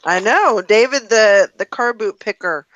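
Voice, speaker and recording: A woman hosting a casual group chat on a live call, talking in a relaxed, rambling way with plenty of fillers. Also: medium pitch, a little slow, highs cut off. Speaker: host.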